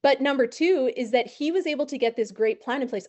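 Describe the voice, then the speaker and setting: A woman in her thirties who trains insurance agents, telling a lively story with acted-out quotes. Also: high voice, fairly quick. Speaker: insurance and financial advisor training new agents. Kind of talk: storytelling talk to a team.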